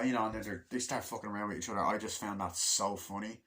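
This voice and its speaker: A young man giving a casual spoken film review, rambling, swearing often and acting out scenes in quick quoted voices. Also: on the low side, steady tone, fairly bright tone. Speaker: movie reviewer.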